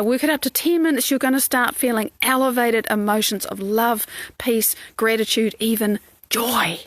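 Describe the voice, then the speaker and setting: High-voiced woman coaching breathing. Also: no echo. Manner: encouraging, guides breathing exercises. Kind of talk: live-stream talk to viewers.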